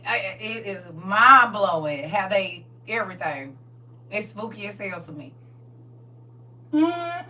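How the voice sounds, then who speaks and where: Livestream host, a woman with a sharp, bright voice who laughs often and speaks from a distant mic with a low hum behind her. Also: sing-song, slow pace, long pauses. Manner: laughs often, repeats "listen" and "I'm trying to tell you"; drifts into gentle spiritual advice. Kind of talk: casual livestream chat.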